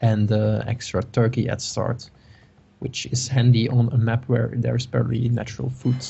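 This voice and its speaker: Gravelly low-key male game caster. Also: little pitch movement, normal speed, warm tone, a little hiss or hum. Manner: chatty, laughing, filler-heavy. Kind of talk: casual esports commentary. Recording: dull lo-fi stream audio.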